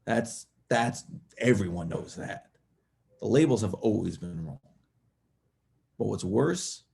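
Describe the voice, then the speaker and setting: A man speaking as a guest rabbi, telling a story in a lively way that builds to a raised, passionate voice. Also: on the low side, vocal fry. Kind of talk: storytelling talk.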